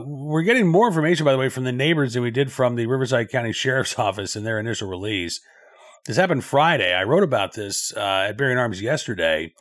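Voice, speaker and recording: Guy doing news commentary, medium pitch, lots of uhs, just talking it through. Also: a bit bright. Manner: loose, thinking aloud with frequent filler pauses.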